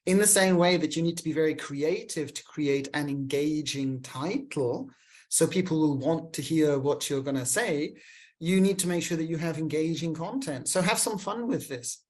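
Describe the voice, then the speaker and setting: A man hosting a show, giving energetic, emphatic coaching on public speaking. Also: on the high side, moderate pace. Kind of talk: coaching monologue.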